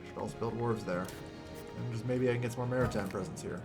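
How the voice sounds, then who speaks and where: A young man streaming a strategy game, ranting and swearing in loud exasperated bursts, then muttering to himself. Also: medium pitch, steady tone, quick pace, creaky, loud music behind the voice. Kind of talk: casual game stream commentary.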